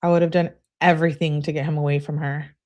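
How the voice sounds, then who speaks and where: Blunt, low-voiced woman streamer. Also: level tone, fast, a little mellow. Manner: blunt, opinionated, swears freely. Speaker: true crime livestream host. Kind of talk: casual commentary on a livestream, reading text messages aloud.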